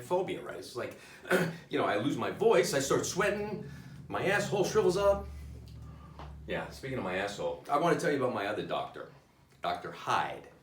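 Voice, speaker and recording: A man doing a stand-up comedy set, self-deprecating and halting, with many restarts. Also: medium pitch, roomy sound, far from the mic, a little hiss or hum.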